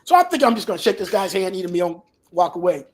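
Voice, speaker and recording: A man in his fifties with a high voice tells a long story as a guest on an interview show. He is animated, peppers his talk with "you know" and drops lower to act out the people in his tales. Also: quick pace. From New Bedford, Massachusetts area.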